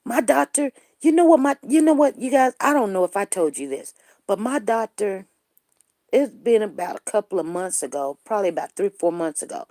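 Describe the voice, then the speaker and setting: A middle-aged woman hosting a casual talk show, telling a story in lively chat and acting out the people she quotes. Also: medium pitch, a little fast, no echo, clean studio sound. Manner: animated, acts out quoted people. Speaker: show host.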